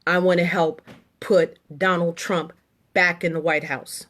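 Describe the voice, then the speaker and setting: With a level, fairly bright voice on the low side and a measured pace, a middle-aged military veteran addresses the camera. Her indignant political monologue consists of short, emphatic statements, repeated for effect.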